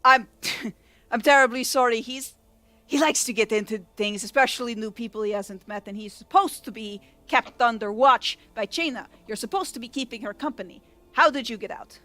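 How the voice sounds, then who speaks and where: A woman's voice: a little high, moderate pace, fairly bright tone, no room sound, close to an everyday voice. A woman voicing a flustered male king who keeps apologizing, in a tabletop game. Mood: apologetic. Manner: polite, fussing, over-apologizing.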